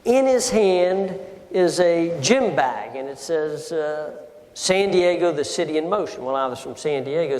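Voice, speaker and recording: Older guy with a high voice telling a story to an auditorium crowd, big swings in tone, echoey hall. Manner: animated, emotional storytelling with sudden shifts. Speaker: speaker addressing an audience. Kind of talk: storytelling speech. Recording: hall reverb.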